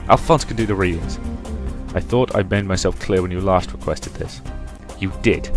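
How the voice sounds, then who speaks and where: A young man reads a space drama game aloud, taking on each character's lines in turn. His voice sits low, and it jumps up in pitch and loudness for some of the characters. Faint music plays underneath. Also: moderate pace. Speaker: game let's-player. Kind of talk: reading a visual novel aloud, voicing characters.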